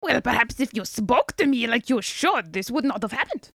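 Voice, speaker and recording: Woman playing a haughty, pompous gentleman. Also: fairly high pitch, very animated, normal speed, gravelly, breathy edge, no room sound, studio quality, heavily acted. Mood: indignant. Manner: stiff, haughty, overly formal.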